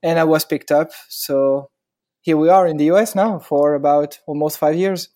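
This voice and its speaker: A man's voice: a little high, fairly even intonation, normal speed, warm tone. A man in his thirties with a French accent and French as his first language, talking casually as a podcast guest, hesitant and searching for words. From France. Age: 30s. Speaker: guest photographer.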